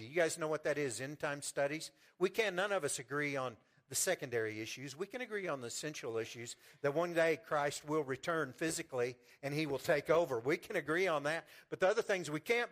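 A folksy pastor preaching to his church in a fairly high voice. He climbs to fervent, loud peaks and then drops into quiet, homespun storytelling, often repeating words as he goes. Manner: preaching with rising fervor, then soft storytelling. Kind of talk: sermon.

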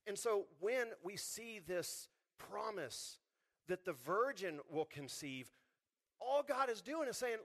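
A man preaching a sermon, lively and conversational, acting out the people in his stories. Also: high-pitched, slow. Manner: animated, acts out quotes in voices. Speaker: pastor.

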